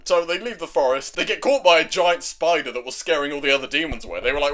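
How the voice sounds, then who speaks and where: A man retells a manga plot to his viewers in a loose, excitable ramble, stacking up filler words. His voice sits a little higher than most men's. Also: fast talker, few pauses. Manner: enthusiastic, rambling, lots of "like". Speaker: manga recap video host. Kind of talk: casual story recap.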